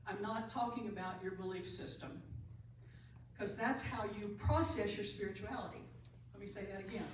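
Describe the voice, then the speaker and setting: With a medium-pitched, slightly mellow voice, fairly even intonation, and a moderate pace, a woman who works as a pastor and end-of-life doula gives an earnest live conference talk, repeating key phrases to stress them. She addresses an audience in a large room, heard from a distance amid heavy echo and light hiss.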